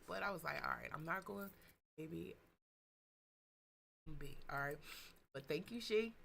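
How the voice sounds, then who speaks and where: Woman livestream host, casual and excitable, with a bright, forceful tone set a little low, swinging between gushing and low asides. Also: takes it slowly, gravelly, pauses often, a little hiss or hum. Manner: reads viewer comments aloud. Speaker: host of a live business stream.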